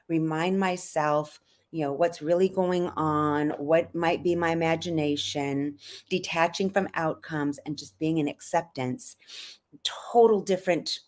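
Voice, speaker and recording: This middle-aged woman has a lowish voice. A voice coach teaching on a podcast, she is calm and earnest as she lays out breathing in steps.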